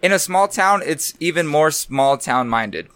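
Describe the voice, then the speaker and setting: A man from New Mexico, a comedian guest on a podcast, hoarse from losing his voice and talking in an eager, polite way. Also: a little high, animated, unhurried, bright, forceful tone, no room sound. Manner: eager, polite, self-conscious. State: hoarse, lost voice. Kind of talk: casual podcast chat.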